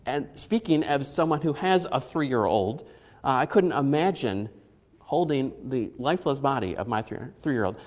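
A man in his thirties preaching a sermon in an earnest, halting way, often restarting his phrases. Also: medium pitch, big-room sound. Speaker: pastor.

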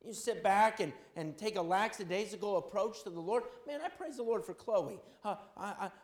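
Animated preacher man in an echoey room. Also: high voice, normal speed. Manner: animated, swings between loud exhortation and quiet anecdote. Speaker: pastor. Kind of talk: sermon.

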